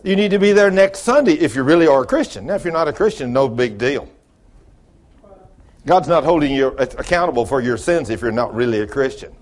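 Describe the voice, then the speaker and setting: A man preaching a sermon in folksy storytelling style, dropping to low mutters and rising to high exclamations. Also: animated, fairly quick. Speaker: pastor.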